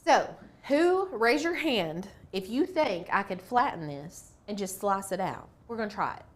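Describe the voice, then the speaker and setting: In an unhurried, animated, mid-range voice, a woman hosts a casual screen-share tutorial on crafts. Playful and chatty, she talks through each step as she goes.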